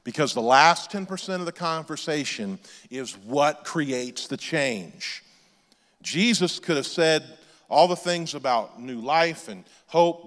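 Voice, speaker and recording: A man's voice: fairly high pitch, fairly bright tone, long reverb tail. A male pastor preaching a sermon in a conversational way, with off-the-cuff asides and restarts.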